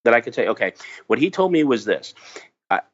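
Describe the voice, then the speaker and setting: A middle-aged business founder, appearing as a podcast guest, tells a motivational story in a medium-pitched, sing-song voice, a little fast. He's earnest and emphatic and often restarts his words, and the podcast audio is dull and lo-fi.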